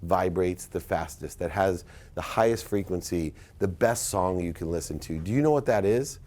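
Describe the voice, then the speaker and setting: A calm, wise woman doctor speaks with gentle patience and steady questions, as a man quotes her in his own low register. The delivery stays close to a plain speaking voice. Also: normal speed. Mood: earnest.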